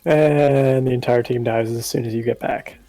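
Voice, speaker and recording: A man's voice: mid-range voice, fairly even intonation, normal speed, mellow, dry recording. A man chatting casually on a game stream, dry and joking, playing with silly voices. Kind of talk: casual gaming chat.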